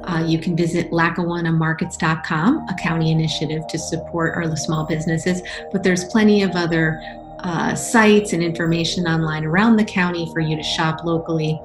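A woman's voice: low voice, steady tone, moderate pace. A woman presenting a county arts program, giving friendly, informative narration. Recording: narration over loud music.

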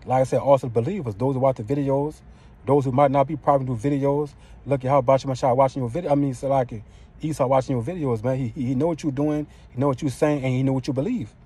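Fast-talking husky-voiced male street preacher. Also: mid-range voice, fairly even intonation, mellow. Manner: profane street-style preaching, constant "man" and "you know what I'm saying". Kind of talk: informal religious sermon.

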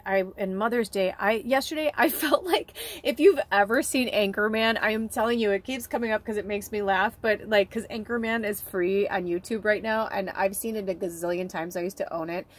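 A woman's voice: mid-range voice, fairly even intonation, normal speed, hardly any pauses. Chatty woman giving a spiritual reading. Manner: rambling and heartfelt, full of "like" and "you know", with the odd swear. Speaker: psychic medium giving an oracle card reading. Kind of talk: casual spiritual reading to camera.

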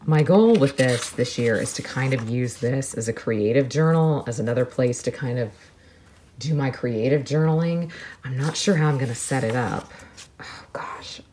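A woman with a very deep, low-pitched voice narrates an unboxing, softly murmuring and then gushing with delight. A faint hiss sits under the recording. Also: normal speed. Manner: gushing, soft-spoken, drifts between murmurs and excited exclamations. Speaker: vlogger.

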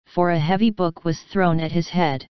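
A woman reading the lines of a plain, calm old man in a storybook, matter-of-fact in manner. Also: fairly low pitch, moderate pace, smooth, no room sound, highs cut off, natural voice.

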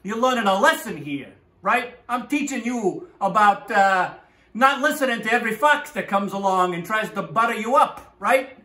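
A man voicing a smooth-talking male fox, brash and mocking, a cocky swindler. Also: high-pitched, expressive, moderate pace, sharp tone, reverberant, pitched above the performer's own voice. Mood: gloating.

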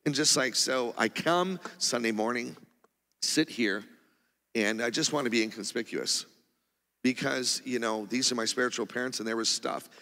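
A man telling a personal testimony from the pulpit in an animated, rambling way, with many restarts. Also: mid-range voice, moderate pace. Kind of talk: testimony sermon. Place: church auditorium. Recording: long reverb of a church hall.

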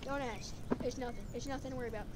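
A female player doing excited role-play banter during a game, bossy and excitable, giving quick instructions to the others. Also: on the high side. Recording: loud background noise.

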